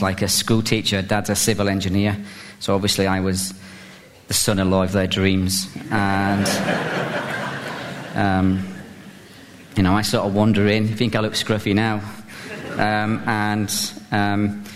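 A man's voice: on the low side, big-room sound. A British man preaching a humorous sermon in a chatty, self-mocking way, full of fillers, building to fervent emphasis. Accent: British English.

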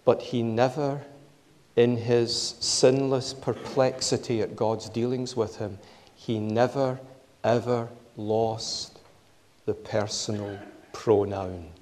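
A man preaching a sermon in a measured, emphatic way, repeating his key phrases. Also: medium pitch, steady tone, a little mellow, long reverb tail, a little hiss or hum.

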